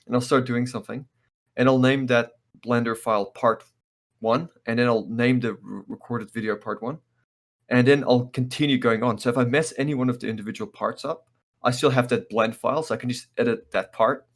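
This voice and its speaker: A man talks at a quick clip in a casual group chat. His voice sits at an ordinary pitch, and he laughs easily as he explains his workflow. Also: steady tone. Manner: quick, chatty, with frequent laughs. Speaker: Blender tutorial creator.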